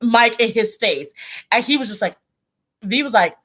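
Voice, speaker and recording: Chatty animated woman livestream host. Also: fairly high pitch, moderate pace. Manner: animated, laughing, chatty storytelling. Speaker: tarot channel host. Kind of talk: casual livestream chat.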